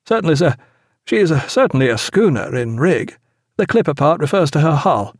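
A polite, earnest young ship's officer gently sets a landsman right, as a man puts him on. His voice sits a little above the reader's own and moves lively. It is recorded dry. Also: a little high, a little fast, slightly rough, no room sound, pitched above the performer's own voice.

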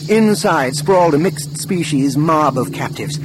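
A man narrating an audiobook in an expressive, scripted reading style. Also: fairly high pitch, unhurried, background noise.

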